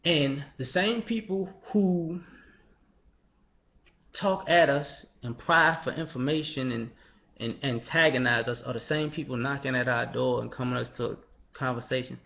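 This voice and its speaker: A man's voice: medium pitch, normal speed, creaky. A man giving a casual, blunt, profane monologue, sometimes mocking others in put-on voices. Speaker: commentator. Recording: dull lo-fi recording.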